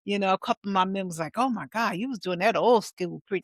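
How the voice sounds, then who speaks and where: A woman in her fifties, a pastor, telling her own story in a lively testimony style, acting out the people she quotes. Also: medium pitch, fast, few pauses, no room sound. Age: 50s. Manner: animated storytelling with acted-out quotes. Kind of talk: personal testimony vlog.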